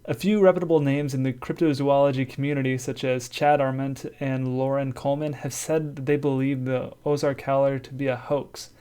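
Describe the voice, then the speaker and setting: A man's voice: medium pitch, level tone, fairly quick, few pauses, mellow, clear, resonant tone. Chatty laid-back male podcast host. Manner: chatty, laughs easily, loose and informal. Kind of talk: casual podcast chat.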